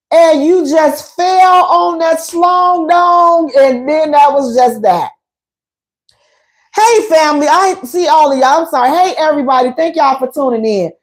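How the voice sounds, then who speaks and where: Sassy high-voiced woman radio host. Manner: sassy, animated, preachy with dramatic emphasis; colloquial, addresses listeners directly. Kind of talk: frank relationship talk to a live audience.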